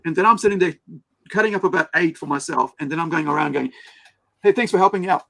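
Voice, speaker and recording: A man's voice: a little high, quick pace, vocal fry, rough recording. A man, a podcast co-host telling stories in casual chat and acting out what others said. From New Zealand. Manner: animated storyteller, acts out quotes.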